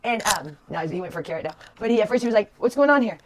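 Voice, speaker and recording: A woman's voice: mid-range voice, very fast, a little mellow. A woman vlogger chatting casually to camera, rambling with lots of fillers. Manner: rambling, full of fillers and restarts.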